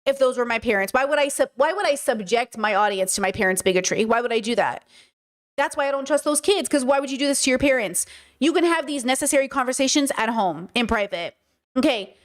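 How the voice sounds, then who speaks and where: A woman's voice: high-pitched, animated, quick pace. A woman hosting a commentary livestream, talking emphatically and asking her audience rhetorical questions. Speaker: streamer host.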